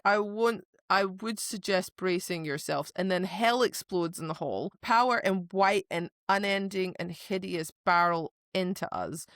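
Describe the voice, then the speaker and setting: A woman co-hosting a casual book podcast, animated and acting out characters' lines as she retells the story. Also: fairly low pitch, no echo, studio quality. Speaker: podcast co-host. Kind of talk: casual book-club chat.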